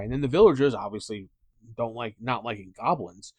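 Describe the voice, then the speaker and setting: A man hosting a casual tabletop gaming podcast, rambling and thinking out loud with lots of fillers. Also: medium pitch, animated, a little fast, no echo. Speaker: podcast host.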